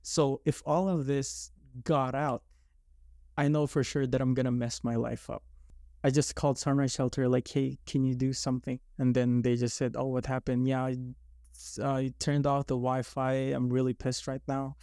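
A man's voice: medium pitch, level tone, normal speed, warm tone, no room sound, clean studio sound. A young man from Canada telling his story in a casual podcast chat, rambling with lots of likes and restarts. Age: young adult.

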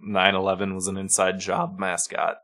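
A man's voice: low-pitched, completely flat delivery, normal speed, fairly bright tone. A man co-hosting a podcast, telling stories animatedly and swearing freely in casual chat. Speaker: podcast co-host.

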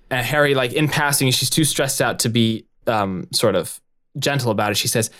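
A man's voice: mid-range voice, steady tone, normal speed, fairly bright tone. A man narrating his character's actions in a tabletop role-playing game, in a loose way with fillers.

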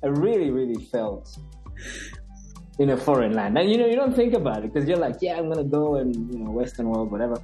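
A man, a podcast guest telling stories in a casual interview, animated and laughing often. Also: medium pitch, fast talker, soft background music. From Zambia.

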